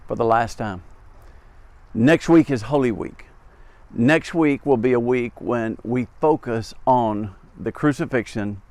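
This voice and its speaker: A middle-aged male pastor from Arkansas preaching a devotional sermon outdoors, telling the story earnestly and dropping to soft, intense tones for emphasis. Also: mid-range voice, no room sound. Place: outdoors by a busy road.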